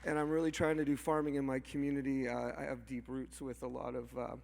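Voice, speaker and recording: A man's voice: medium pitch, little pitch movement, quick pace, gravelly, a little mellow. A mushroom farmer from Canada giving an emotional, off-the-cuff speech to a crowd, rambling and restarting his sentences with small laughs. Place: large hall. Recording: long hall reverb.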